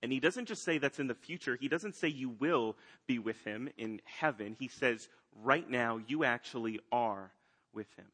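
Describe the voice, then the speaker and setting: A man preaching a sermon, swinging between loud emphatic lines and hushed ones. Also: mid-range voice, moderate pace, breathy edge. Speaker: pastor.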